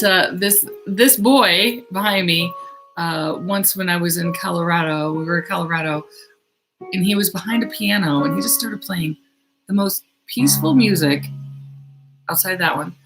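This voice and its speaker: Woman, low-ish pitch, slow, soothing guided-meditation delivery over clear piano music. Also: low-quality recording. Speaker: medium leading a guided meditation. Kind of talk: live-stream guided meditation. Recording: piano music played behind her.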